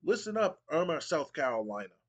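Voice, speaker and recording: A man voicing a fired-up young male wrestler who cuts a loud, boastful promo. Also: on the high side, expressive, a little slow, slightly rough, voice pushed up.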